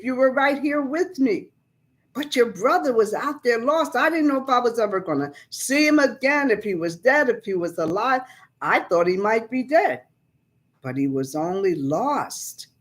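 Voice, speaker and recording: A woman voicing a patient, loving old father in a retold Bible story, speaking gently and reassuringly to his son. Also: fairly high pitch, lively intonation, a little slow, pitched above the performer's own voice.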